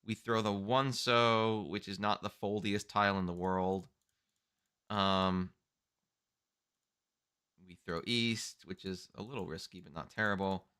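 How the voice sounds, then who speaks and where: Male co-host, low bright tone, animated casual game commentary. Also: measured pace, pauses often, clear, resonant tone. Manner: lively, thinking aloud over plays. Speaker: mahjong stream co-host.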